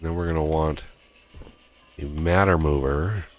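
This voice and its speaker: A man's voice: a bass voice, fairly even intonation, unhurried, soft background music. A man streaming a multiplayer game, casually thinking aloud and counting off steps as he builds. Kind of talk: casual multiplayer gameplay chat.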